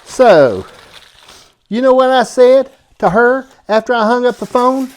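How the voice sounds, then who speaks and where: A man with a very high voice and lively intonation runs a home-kitchen cooking show at a measured pace. Folksy and joking, he banters with whoever is filming and keeps asking "okay?" as he talks to camera.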